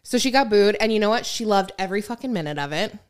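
Podcast co-host, woman, smooth clear voice, chatty and casual. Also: medium pitch, expressive, fast talker. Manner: chatty, reads out news items with filler words. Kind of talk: casual chat.

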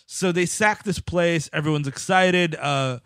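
A man's voice: fairly high pitch, a little slow, clean tone, no room sound, studio quality. A man co-hosting a casual comedy podcast, recapping a film plot with lots of laughter. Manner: animated, laughs often, recaps plot with silly voices. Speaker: podcast co-host.

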